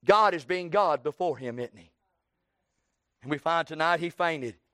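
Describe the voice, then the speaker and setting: A man preaching a sermon, fervent and repetitive, swinging between soft passages and shouted lines. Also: a little high, expressive, a little slow, smooth, no room sound, clean studio sound.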